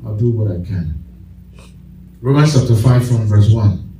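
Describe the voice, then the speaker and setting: A man's voice: lowish voice, animated, measured pace, mellow, a little hiss or hum. A man preaching a sermon, leading his congregation in call-and-response and breaking into bursts of laughter as he tells stories. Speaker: pastor. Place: church. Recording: echoey church hall, distant mic.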